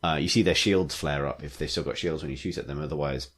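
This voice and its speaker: A man's voice: a bass voice, fast talker, a bit bright. A man co-hosting a gaming podcast, talking in a rambling casual way full of "like" fillers. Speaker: podcast co-host. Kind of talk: casual chat.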